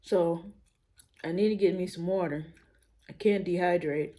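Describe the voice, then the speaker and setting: Slow, mellow-voiced young woman vlogger. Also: lowish voice, steady tone. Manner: candid, musing out loud, casual slang. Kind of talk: casual personal vlog talk.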